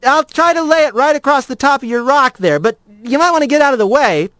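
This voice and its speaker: In an audio drama reading for a radio story, a storyteller voices a blunt, practical male rat who is impatient and cocky. The voice sits high and a bit bright, with lively intonation, brisk and offhand in manner, and the dry recording has the voice pushed up.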